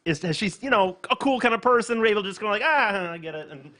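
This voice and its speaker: A man with a notably high voice rambles through his points in relaxed podcast chat. He hedges, restarts and laughs often as he talks. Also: fast talker. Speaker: podcast co-host.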